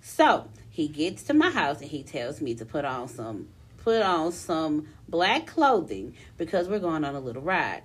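A young woman co-hosting a casual podcast, reading a listener's long story aloud with animated delivery and frequent laughter. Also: low-pitched, a little slow, breathy edge.

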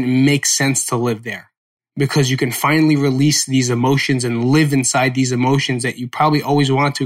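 A man's voice: medium pitch, a bit bright. A man in his forties from New Jersey hosting a solo podcast, talking candidly and rambling, with frequent swearing. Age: 40s. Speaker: podcast host.

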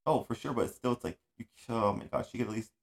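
A man's voice: mid-range voice, quick pace, gravelly. A man hosting a casual podcast chat, rambling and swearing freely, with frequent laughs. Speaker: podcast host. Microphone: audio-only podcast recording.

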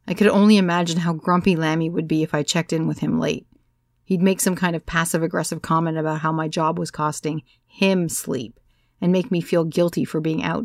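A woman reads a first-person story aloud with measured, wry pacing. Her voice sits low and gravelly, and the sound is dry and close. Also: no room sound. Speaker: audiobook narrator. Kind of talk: first-person scripted narration.

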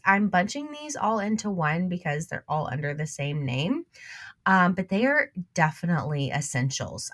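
A woman's voice: mid-range voice, fairly bright tone. A young woman with a stuffy, congested nose from a cold, hosting a casual solo podcast in an upbeat, chatty way with frequent small laughs. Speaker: podcast host.

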